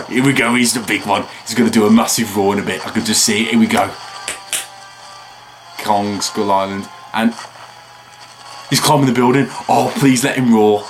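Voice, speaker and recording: A tired man hosting a video reaction, rambling and chatting with frequent excited remarks and laughs. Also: lowish voice. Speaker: reaction channel host. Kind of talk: casual video reaction commentary.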